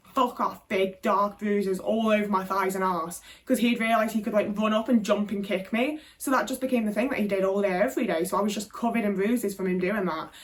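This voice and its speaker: British woman venting about her childhood, swears a lot, says like constantly, mic a bit far off. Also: medium pitch. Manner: frank, swears freely, heavy "like" fillers. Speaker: video creator. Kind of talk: candid personal storytelling to camera.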